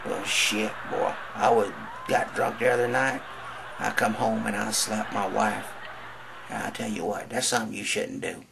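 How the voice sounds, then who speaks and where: Gravelly comic telling raunchy jokes. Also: male voice, fairly low pitch, fairly even intonation, unhurried, noisy background. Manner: drawling storyteller, voices characters in quotes. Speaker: stand-up comedian. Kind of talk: stand-up joke telling.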